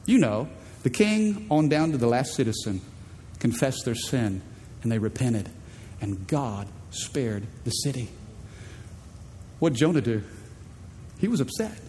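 A man preaching a sermon as pastor, animated and playful, acting out voices in the stories he tells. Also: a little slow, in a large hall, a little hiss or hum. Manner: animated, acts out quoted voices in high pitch.

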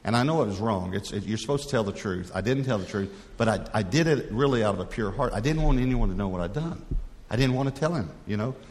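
Middle-aged male pastor, low voice, rambling storyteller, big echoing hall. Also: lively intonation, fast, darkish tone. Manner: conversational, rambling, with frequent restarts. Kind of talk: storytelling sermon. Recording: long reverb of a large hall.

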